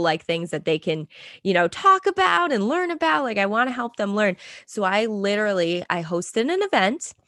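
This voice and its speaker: A woman's voice: lowish voice, a bit bright, dry recording, clean studio sound. A young woman co-hosting a casual sports chat, chatty and laughing often as she tells stories. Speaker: podcast co-host.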